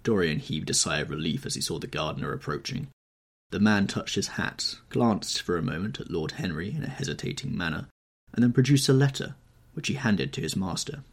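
A man narrating a classic novel in a measured, expressive audiobook reading. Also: sits low, slightly rough. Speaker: audiobook reader.

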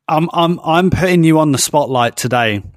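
A man's voice: a little high, moderate pace, dry recording, studio quality. A man co-hosting a podcast and running a game, playful and teasing in casual chat.

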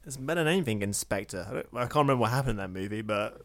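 A man's voice: on the low side, lively intonation, very fast, no room sound. A man with an English accent with a slight American tinge, co-hosting a podcast in a jokey, rambling casual chat. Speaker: podcast co-host.

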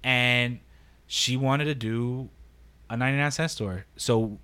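A man from Brooklyn, a podcast guest, telling stories in a casual, animated way, filling his speech with "like". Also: medium pitch, slow, clear, resonant tone. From Brooklyn, New York. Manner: animated, heavy use of "like". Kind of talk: casual storytelling.

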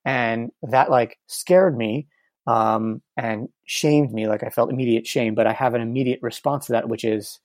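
A speaker reflecting slowly in a casual conversation, with many fillers and pauses while searching for words. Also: mid-range voice, fairly even intonation, no echo.

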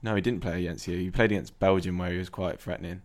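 A man's voice: sits low, fairly even intonation, fast. A man hosting a casual football podcast, talking in a dry, understated, slightly pessimistic way. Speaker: podcast host.

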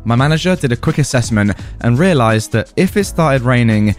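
A British man reading online stories aloud, breaking off for wry, amused commentary. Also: on the low side. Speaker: story narrator and commentator.

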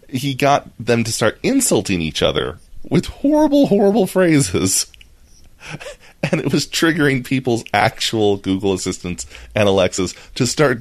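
A man co-hosting a casual podcast, reading out news items in a relaxed way with fillers. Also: lowish voice, no echo. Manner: relaxed, reads out headlines with fillers. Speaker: podcast co-host.

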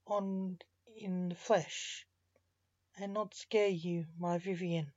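A woman reading a story aloud in measured, soft-spoken narration, in a muffled lo-fi recording. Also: lowish voice, steady tone, dry recording.

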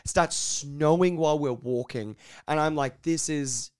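Young male podcaster, smooth, clear voice, lively crude storytelling, slightly high pitch. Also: unhurried. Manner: animated storyteller, swears, acts out quotes. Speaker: podcast co-host. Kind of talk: casual storytelling.

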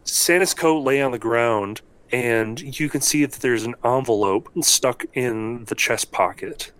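A man's voice: medium pitch, fairly bright tone, rough recording. Man narrating as game master. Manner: descriptive, measured narration.

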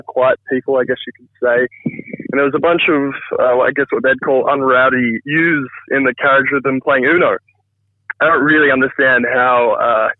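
A man's voice: medium pitch, no echo. A man in his thirties calling in by phone, telling a funny family story in a chatty, self-deprecating way. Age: 30s. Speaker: caller telling a viral story. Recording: tinny phone line, dry.

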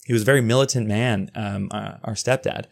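A man's voice: lowish voice, steady tone, brisk, vocal fry. A man from Alberta, hosting a podcast and telling a personal story in a candid, profane way, acting out his own inner thoughts. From Alberta, Canada. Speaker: podcast host. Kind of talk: confessional storytelling monologue.

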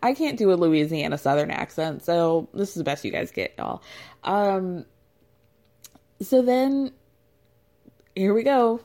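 Woman, casual show recap, gossipy and chatty, frequent laughs, warm mellow voice. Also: fairly low pitch, sing-song, measured pace, long pauses. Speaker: reality TV recap host.

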